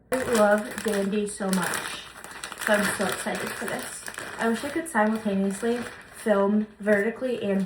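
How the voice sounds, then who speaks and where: A young woman chatting excitedly as she unboxes gifts for her vlog, gushing over each item. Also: medium pitch. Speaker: lifestyle vlogger. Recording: echoey room, noisy background.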